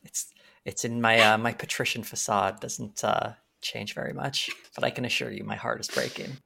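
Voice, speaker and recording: A woman with a very deep, gravelly voice talks in casual podcast chat. Her delivery is deadpan and dry, and the sound is husky. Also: moderate pace.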